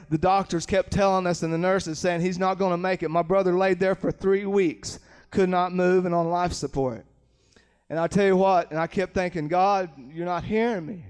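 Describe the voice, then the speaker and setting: A man with a somewhat high voice tells a personal testimony in an earnest, plain-spoken way. He retells events vividly, acts out what people said, and stumbles over repeated words when the story moves him. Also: darkish tone, smooth. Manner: vivid, dramatic retelling with acted quotes. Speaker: speaker giving a Christian testimony.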